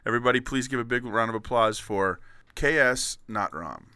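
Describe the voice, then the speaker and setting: A man's voice: medium pitch, moderate pace, noisy background. A man hosting a casual comedy podcast, rambling and goofy. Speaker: podcast host.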